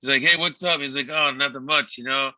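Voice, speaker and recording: A man's voice: medium pitch, fairly even intonation, fairly quick, pushed and bright, no room sound. A man in a band, chatting casually and telling rambling stories on a livestream. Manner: laid-back, rambling storyteller. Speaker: band member. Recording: dull lo-fi dry sound.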